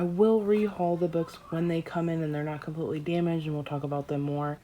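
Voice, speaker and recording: Low-voiced woman ranting in a vlog. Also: steady tone, a little fast, few pauses, dark tone. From United States. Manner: exasperated, emphatic ranting. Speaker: book vlogger.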